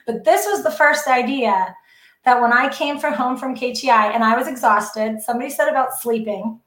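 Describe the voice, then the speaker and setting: A high-voiced woman chats casually as a podcast guest, effusive and openly emotional. Her voice rings in an echoey room. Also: moderate pace, a bit bright. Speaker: guest educator.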